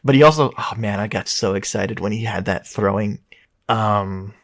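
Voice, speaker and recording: A man co-hosting a casual film review chat, excitable and quick to swear and laugh. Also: on the low side, dry recording, clean studio sound. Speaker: podcast co-host.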